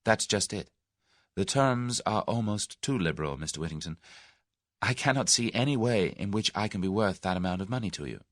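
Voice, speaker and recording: A man reading the lines of a brisk, frank young Englishwoman in a mystery audiobook. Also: lowish voice, expressive, dry recording, studio quality, lightly acted. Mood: firm. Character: young English woman, spirited and shrewd.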